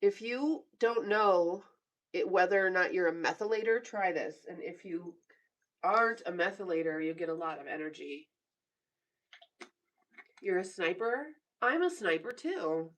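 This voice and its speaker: A woman's voice: fairly low pitch, normal speed, long pauses, distant mic. A woman in her forties chatting casually on a live stream from her bedroom, teasing viewers and laughing often as she reads their comments. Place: home bedroom.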